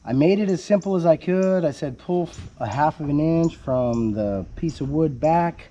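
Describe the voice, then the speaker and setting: A man's voice: fairly high pitch, lively intonation, moderate pace, dark tone, a little hiss or hum. A man casually explaining construction work at his building site, joking around as he goes. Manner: playful, joking, calls viewer "baby cakes". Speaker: homesteader building his house.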